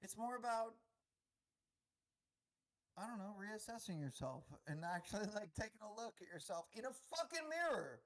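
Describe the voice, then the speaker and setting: Profane, rambling man with a higher voice. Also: very animated, moderate pace, long pauses, a bit bright. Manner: profane, rambling, self-deprecating. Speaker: departing co-host. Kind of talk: casual podcast chat.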